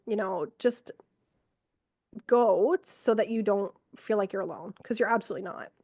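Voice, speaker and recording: A middle-aged woman, an ER nurse from Canada, telling stories from work in a lively conversational way, acting out what she and others said. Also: medium pitch, moderate pace, no echo, clean studio sound. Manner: animated, quotes herself and others, frequent fillers. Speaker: ER nurse, podcast guest. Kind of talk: conversational storytelling.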